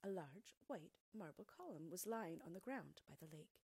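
A woman reads a fairy tale aloud in a husky, mellow voice, often sinking into a soft near-whisper. Her pitch swings widely and expressively. The recording is close and dry. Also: expressive, normal speed, no echo. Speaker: storyteller.

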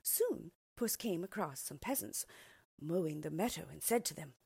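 Husky, low-voiced woman reading a fairy tale. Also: moderate pace, no echo, studio quality. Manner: expressive, animated reading. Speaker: storyteller. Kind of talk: storybook read-aloud.

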